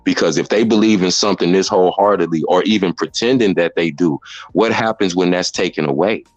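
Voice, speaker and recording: A man's voice: deep voice, a little fast, no room sound, muffled recording. A man hosting a casual commentary chat, blunt and rambling as he explains things at length. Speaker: commentary host.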